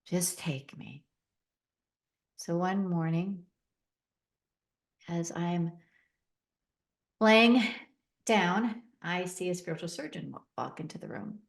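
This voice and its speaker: Middle-aged woman, lowish voice, podcast guest, personal storytelling, vivid and emotional retelling. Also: expressive, slow pace, creaky, long pauses.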